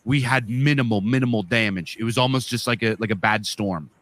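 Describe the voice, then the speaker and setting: A man's voice: fairly low pitch, a little fast, a bit bright. A man from the northeastern US, a podcast co-host telling a vivid, rambling story with lots of fillers and swearing. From northeastern US, Pennsylvania. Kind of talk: casual storytelling.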